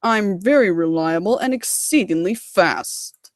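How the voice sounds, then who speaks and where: A woman's voice: medium pitch, animated, a little slow, no room sound, clean studio sound, lightly acted. A woman voicing a proud, boastful male steam engine in a pompous, haughty manner.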